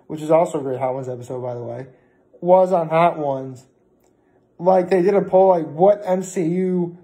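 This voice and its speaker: A man's voice: high-pitched, dark tone. A young man vlogging in a casual, rambling way, often breaking off mid-thought and talking himself through it. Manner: rambling, chatty, self-interrupting. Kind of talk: casual vlog chat.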